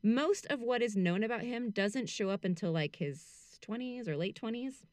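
A woman's voice: on the high side, moderate pace, no room sound. Giggly woman host with a dry sound. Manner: giggly, animated, reads excerpts carefully. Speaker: podcast co-host presenting the case. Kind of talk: casual chat and reading aloud.

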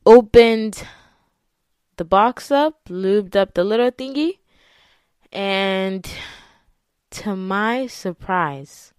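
A woman's voice: medium pitch, lively intonation, drawn-out words, pauses often, darkish tone, clear, resonant tone, no echo, studio quality. A young woman telling a personal story to her viewers in a candid, chatty way, with frequent laughs and filler words. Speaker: vlogger. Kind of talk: casual confessional storytelling to camera.

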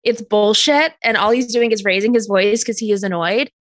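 A woman's voice: medium pitch, normal speed, no room sound. A woman co-hosting a casual chat show, giggling often and trailing off to restart her sentences. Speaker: podcast co-host.

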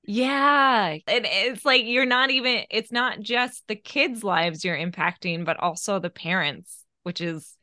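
A woman's voice: medium pitch, unhurried, few pauses, pushed and bright, dry recording, clean studio sound. A woman hosting a podcast, talking casually and praising her guest effusively. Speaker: podcast host. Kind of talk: casual interview conversation.

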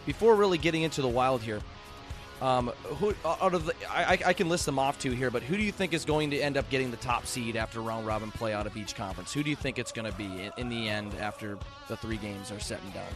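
A man's voice: mid-range voice, quick pace, music in the background. A man hosting a casual podcast, loose and profane, who laughs easily with his guest. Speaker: podcast host.

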